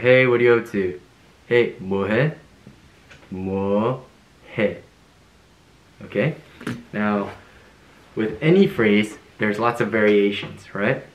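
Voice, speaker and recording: A man's voice: lowish voice, lo-fi sound. Upbeat man teaching in an echoey room. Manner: upbeat and playful, laughs often, repeats phrases slowly. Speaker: Korean language teacher. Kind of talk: casual video lesson.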